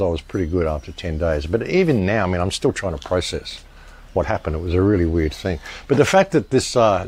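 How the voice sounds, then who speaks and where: A man's voice: on the low side, darkish tone, slightly rough. A man talking straight to his viewers in a casual monologue, rambling and emphatic, often restarting his sentences. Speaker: online commentator.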